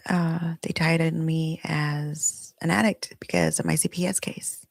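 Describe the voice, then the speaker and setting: A middle-aged podcast host sits at home recording herself on video, unhurriedly telling a personal story in a candid, emotional confessional monologue. Her low-pitched voice has vocal fry and a flat delivery, and there is no room sound.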